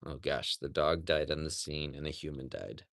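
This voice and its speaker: A man hosting a casual livestream from a farm animal sanctuary outdoors, rambling with lots of "like" and talking softly to the animals beside him. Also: very deep voice, steady tone, normal speed, vocal fry, dry recording, clean studio sound. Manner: rambling, says "like" often, talks softly to animals.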